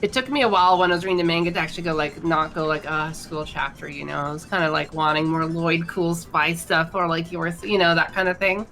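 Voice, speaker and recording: A woman's voice: fairly low pitch, fairly even intonation, quick pace, hardly any pauses, fairly bright tone, soft background music. A woman co-hosting a podcast, chatting casually in a rambling, enthusiastic way. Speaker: podcast co-host. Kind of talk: casual chat.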